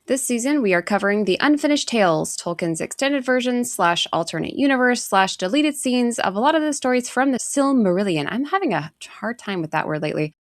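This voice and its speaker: A woman's voice: on the high side, animated, brisk, few pauses, no echo, studio quality. A woman co-hosting a podcast in casual chat, enthusiastic and giggly in her banter. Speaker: podcast co-host.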